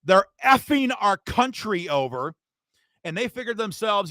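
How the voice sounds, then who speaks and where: A man's voice: high-pitched, sing-song, unhurried, bright, forceful tone, dry recording. A man hosting an advocacy livestream, indignant and fired up, talking straight to his viewers. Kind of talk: impassioned political livestream rant.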